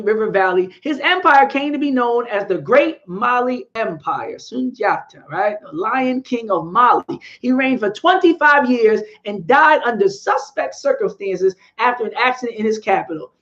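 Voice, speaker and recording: A woman hosting a live stream, chatting with viewers and talking through history in a casual, animated way. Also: on the high side, highs cut off.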